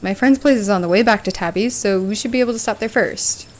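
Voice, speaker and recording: A woman's voice: medium pitch, fast talker, a little hiss or hum, natural voice. A woman reading the lines of an earnest young woman in a game.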